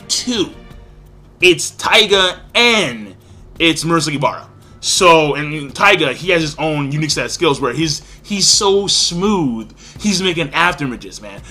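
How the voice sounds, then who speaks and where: An excitable man talks through a casual review in a bright, forceful voice that sits a little high. He keeps breaking into acted-out lines with sudden leaps in pitch. Faint music plays underneath. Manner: excitable, acts out characters' lines with big pitch jumps. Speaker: anime reviewer.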